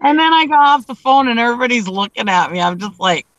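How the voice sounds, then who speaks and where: A woman hosting a casual online group chat, telling stories in an animated way and laughing often. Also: fairly high pitch, fast talker, dry recording, muffled recording. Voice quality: animated storyteller, frequent laughs.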